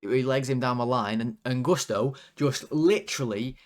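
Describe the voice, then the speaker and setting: A man hosts a casual football rant at a medium pitch. He talks animatedly and sounds exasperated, swearing freely. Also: moderate pace. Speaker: football fan channel host.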